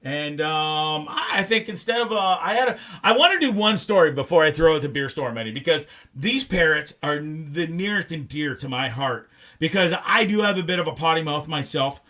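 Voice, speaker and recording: Bright-voiced rambling talk show host. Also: male voice, a little high, normal speed. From Canada. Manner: animated, rambling, swears freely. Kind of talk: casual live show chat.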